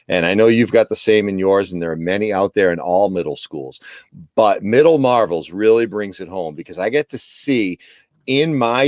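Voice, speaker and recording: A man, a school principal co-hosting a live-streamed talk show, introducing a guest in a friendly, energetic way. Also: sits low, no room sound. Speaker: middle school principal, co-host.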